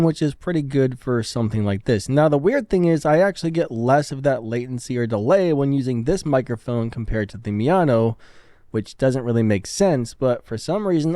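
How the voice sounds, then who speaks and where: A man talks through a gear review in an easy, chatty way. His voice is mellow and dark, recorded close and dry on a studio broadcast mic. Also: medium pitch, no room sound. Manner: relaxed, chatty explaining. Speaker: product reviewer. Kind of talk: casual product review demo. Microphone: studio broadcast microphone.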